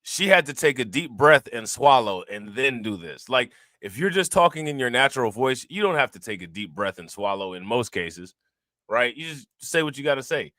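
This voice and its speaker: This man's mid-range voice is bright, forceful, and expressive, delivered at a moderate pace in a dry recording. As host of a casual commentary show, he reacts to news clips and talks right to his viewers, loose and repetitive.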